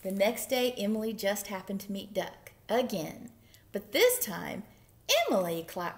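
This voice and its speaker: A woman librarian reading picture books aloud for story time, playful and animated with whispered asides. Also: mid-range voice, a little slow. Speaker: children's librarian.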